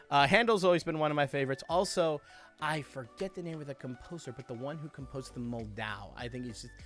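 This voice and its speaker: A man's voice: fairly high pitch, a bit bright. A young man hosting a live stream, chatting casually and reading out viewer requests. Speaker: livestream host doing voice impressions.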